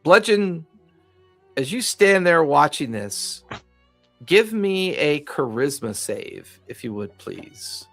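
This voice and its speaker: Calm man narrating as game master. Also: on the high side, vocal fry, dry recording, faint music behind. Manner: calm, measured storytelling.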